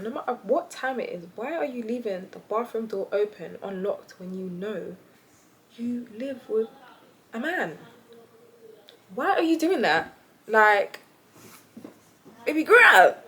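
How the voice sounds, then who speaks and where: A young woman tells a story in a relaxed, animated way, laughing often as she goes. Her voice sits on the higher side for a woman. Her delivery is chatty and informal, like talking to friends. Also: unhurried. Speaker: vlogger. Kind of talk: casual storytime chat.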